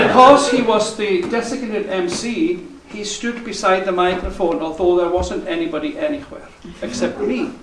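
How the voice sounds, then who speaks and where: High-voiced male folk storyteller, chatty and chuckling, on an echoey live mic. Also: unhurried, far from the mic, crowd noise. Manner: rambling, chuckling, with self-corrections. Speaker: folk musician telling a story on stage. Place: live concert venue.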